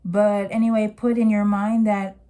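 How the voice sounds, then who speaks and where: A woman voicing a stiff, prim acquaintance, reading out her text messages slowly and formally. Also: mid-range voice, level tone, warm tone, lightly acted. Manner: slow, formal read-out.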